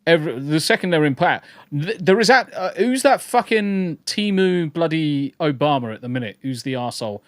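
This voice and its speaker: A man's voice: fairly high pitch, animated, a little fast, hardly any pauses, no room sound. A man co-hosting a live-stream podcast, blunt and sweary, rambling with restarts. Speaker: podcast co-host. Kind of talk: casual live-stream chat.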